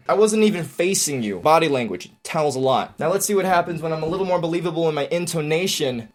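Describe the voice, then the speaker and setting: A man's voice: on the high side, lively intonation, brisk, hardly any pauses. A man in his twenties giving advice in a comedic vlog, full of playful, self-mocking asides.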